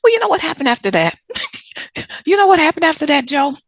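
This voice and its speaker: A woman from Chicago, a guest in an interview, telling stories from her life in a lively way and acting out the people she quotes. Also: high-pitched, fast, no echo. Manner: animated, acts out quoted people. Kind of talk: storytelling interview answers.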